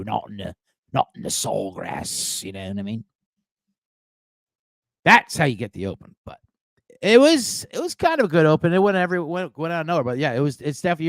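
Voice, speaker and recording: A man's voice: a little high, no echo, studio quality. A middle-aged man hosting a live sports betting show, rambling in a jokey, profane way. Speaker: sports betting podcast host. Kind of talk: casual live show chat.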